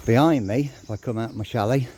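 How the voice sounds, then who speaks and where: A man's voice: mid-range voice, fairly quick, noisy background. An older man talking casually to camera, blunt and swearing, a little out of breath. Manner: blunt, swears freely, grumbling. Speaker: vlogger. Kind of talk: casual ranting monologue.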